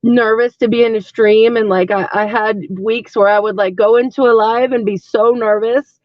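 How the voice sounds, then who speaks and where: A woman's voice: a little high, fairly even intonation, moderate pace, no echo. A woman in her thirties talks loosely to her stream viewers, full of likes and ums as she wanders between topics. The sound is dry and close, with a dull lo-fi edge from the stream mic. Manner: chatty and rambling, many fillers and likes. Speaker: live streamer. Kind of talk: casual live-stream chat.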